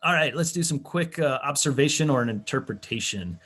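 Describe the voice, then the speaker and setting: A man's voice: medium pitch, a little fast, hardly any pauses, fairly bright tone, slightly rough. A man presenting a teaching webinar over a video call. He keeps it casual and interactive, often asking "right?" and acting out little everyday dialogues. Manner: conversational, many "right?" and "you know" tags; acts out everyday dialogue in quotes. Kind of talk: casual interactive workshop talk.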